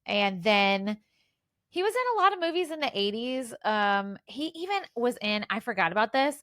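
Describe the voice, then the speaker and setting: A woman's voice: a little high, big pitch swings, moderate pace, fairly bright tone, dry recording, clean studio sound. A woman in her forties co-hosting a casual podcast, chatting through film trivia with lots of fillers. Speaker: podcast co-host. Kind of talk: casual chat.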